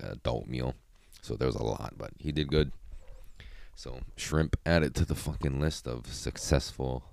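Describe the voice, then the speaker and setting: A man's voice: a bass voice, gravelly, darkish tone, no room sound. A man hosting a solo podcast, rambling casually with constant profanity. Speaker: podcast host.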